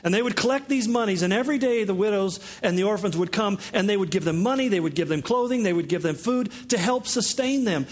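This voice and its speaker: A pastor preaching a conversational sermon, teaching with joking asides. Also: male voice, sits high, fast, few pauses.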